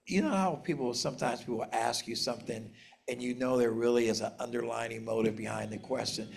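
A man preaching a sermon, reading scripture aloud and explaining it in an earnest, measured way, slowing down for emphasis. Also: mid-range voice, gravelly. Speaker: pastor.

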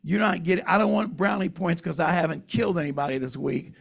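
A man's voice: on the high side, fast talker, creaky, husky. A man preaching a sermon in an earnest, emotional, emphatic way.

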